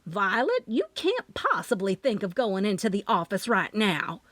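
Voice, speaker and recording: A woman's voice: medium pitch, huge pitch swings, normal speed, fairly bright tone, no room sound. A woman reading an audiobook, voicing an anxious, doting mother whose voice trembles. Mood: worried.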